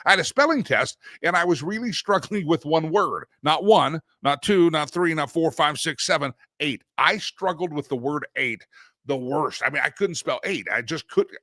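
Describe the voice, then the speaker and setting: A man's voice: fairly high pitch, expressive, moderate pace, pushed and bright, dry recording, clean studio sound. A man hosting a morning talk show, chatty and joking, with rambling asides. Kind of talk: casual news commentary show.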